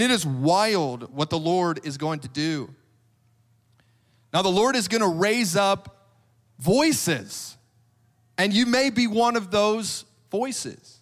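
Male preacher, high voice, casual storyteller who acts out the quotes, long hall echo. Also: a bit bright. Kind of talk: sermon.

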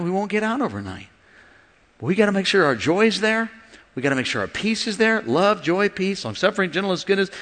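A man preaching a sermon as pastor, animated and joking with the congregation in a large church. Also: high-pitched. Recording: long hall reverb with faint music.

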